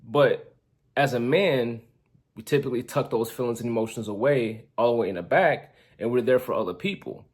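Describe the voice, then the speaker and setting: A man's voice: mid-range voice, moderate pace, slightly rough. A young adult man, a relationship coach, talking earnestly to camera from his notes and acting out everyday examples. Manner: earnest, reads from notes, repeats points with quoted examples. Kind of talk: casual talk to camera.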